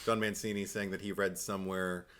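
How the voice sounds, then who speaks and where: A man co-hosting a casual podcast, talking in an animated, playful way and laughing often. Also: deep voice, a little fast, clear, resonant tone. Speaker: podcast co-host.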